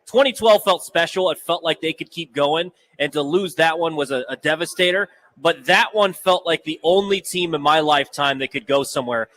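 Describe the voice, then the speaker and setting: A young man co-hosting sports talk radio, giving thoughtful, measured takes. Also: fairly high pitch, a bit bright. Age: young adult. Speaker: radio co-host.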